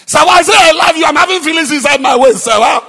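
A man voicing an overeager young man who shouts his love and a marriage proposal. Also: extremely high pitch, fast talker, pitched above the performer's own voice, exaggerated voice. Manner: bellowing, overeager declarations.

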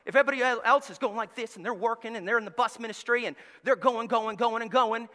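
A man preaching a sermon as pastor, telling the story with acted-out voices, going from quiet asides to loud shouts. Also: extremely high pitch, quick pace. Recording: long hall reverb.

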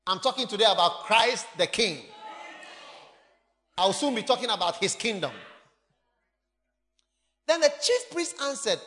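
A man preaching a sermon, reading scripture aloud and explaining it with emphatic, animated bursts. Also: sits high, unhurried, pauses often, long reverb tail.

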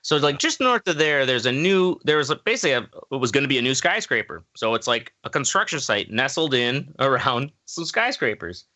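A man's voice: medium pitch, big pitch swings, brisk, hardly any pauses, sharp tone. A young man casually telling a long story on a podcast, rambling with fillers and laughs. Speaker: podcast co-host.

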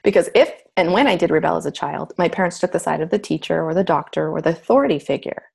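A woman's voice: on the low side, quick pace, vocal fry, darkish tone, slightly rough. A middle-aged woman telling a personal story candidly and reflectively as a podcast guest, acting out remembered voices.

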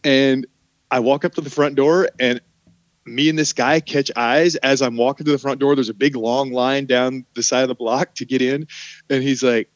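Animated male storyteller, dull dry sound. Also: medium pitch, moderate pace, no room sound. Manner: animated storyteller who acts out quoted voices. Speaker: guest telling his life story. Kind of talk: casual podcast conversation.

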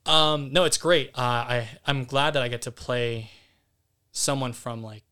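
Male podcast guest, mid-pitched and smooth, candid and loose. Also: fairly even intonation, unhurried, sharp tone. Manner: candid, casually profane. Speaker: guest actor. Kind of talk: casual podcast interview.

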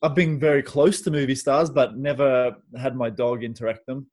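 Easygoing Australian man, mid-pitched. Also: fairly even intonation, normal speed, a little mellow. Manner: easygoing, chatty, laughs easily. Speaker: podcast guest, business owner. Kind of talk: casual interview.

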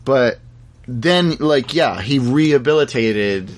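A man's voice: mid-range voice, animated, takes it slowly, slight background noise. A man in casual chat, telling a story from a shoot with lots of fillers and restarts. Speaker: guest actor.

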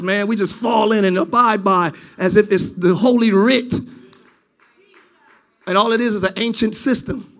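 A pastor preaching a sermon to his church, moving between loud, drawn-out shouted lines and quiet, close, conversational stretches. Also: high-pitched. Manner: preaching, swings from shouting to quiet intimate talk.

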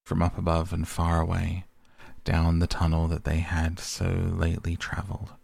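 Man, storybook narration, very deep voice, gravelly and husky, slow and measured. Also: monotone, a little mellow, no echo.

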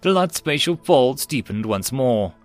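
Brief: male storyteller, measured and descriptive, mid-range voice, soft music bed. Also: mid-range voice, expressive. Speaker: narrator. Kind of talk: scripted story narration.

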